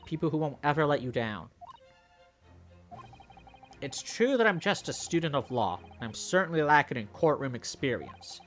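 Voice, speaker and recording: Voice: mid-range voice, sing-song, normal speed, long pauses, faint music behind, close to an everyday voice. A game player voicing an earnest young male law student who speaks sincerely and formally.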